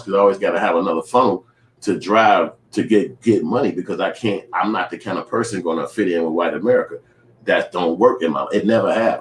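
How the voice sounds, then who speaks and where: A man's voice: low voice, roomy sound. A man, ranting casually to camera in profane, emphatic street talk. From Chicago. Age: 40s. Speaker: independent filmmaker and vlogger. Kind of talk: casual reaction rant to camera.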